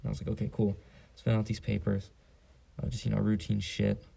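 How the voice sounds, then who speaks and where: A man's voice: on the low side, completely flat delivery, fast, creaky, warm tone, husky. A teenage boy hosting a casual solo podcast, telling a joking, profane story. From San Diego. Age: teens. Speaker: podcast host.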